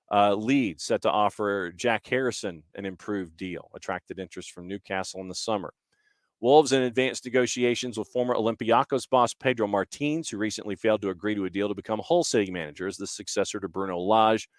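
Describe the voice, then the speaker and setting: Low-voiced man reading soccer rumors. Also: no echo, studio quality. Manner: reads headlines with quick asides, many fillers. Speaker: podcast host. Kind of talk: casual sports news roundup.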